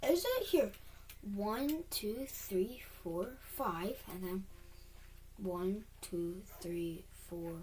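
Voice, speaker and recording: A woman talking to herself as she plays a building game, quickly frustrated and humming as she works. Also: medium pitch, a little mellow, a little hiss or hum. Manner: talks to herself, quickly frustrated, hums while working. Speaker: gaming video creator. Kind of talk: self-talk while playing a game.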